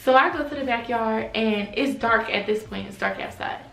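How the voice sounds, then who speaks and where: A woman casually telling a party story to camera, animated, slangy and profane, acting out the quotes. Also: on the high side, normal speed, gravelly, slight background noise. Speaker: storytime vlogger. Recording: echoey room, mic at a distance.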